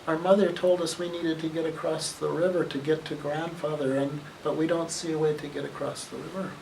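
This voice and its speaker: A woman's voice: low voice, steady tone, fairly quick, gravelly, a little mellow. A woman voicing frightened young bear cubs who plead for help. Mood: polite. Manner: pleading, urgent storytelling. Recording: distant mic, faint noise.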